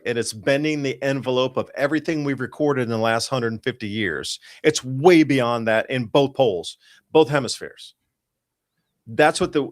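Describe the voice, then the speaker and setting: A man hosting a live podcast, talking the audience through weather charts in an urgent, emphatic, loosely rambling way. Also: medium pitch. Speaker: podcast host. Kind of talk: live-show commentary over weather charts.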